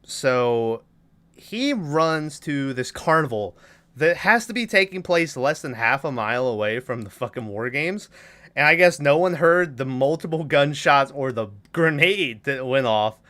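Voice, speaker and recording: A man's voice: fairly high pitch, animated, measured pace, fairly bright tone. A man co-hosting a podcast, recapping a movie plot casually, swearing often and giggling. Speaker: podcast co-host.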